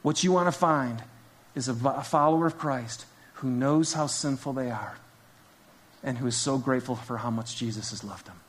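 A man preaching a sermon to a church congregation, talking casually and directly to the crowd, dropping to hushed whispers and rising to loud urgent emphasis. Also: mid-range voice, moderate pace. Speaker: pastor.

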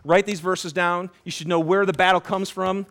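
A pastor in his fifties preaching a sermon in an animated, conversational way, throwing quick questions to the congregation. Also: high-pitched. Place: church.

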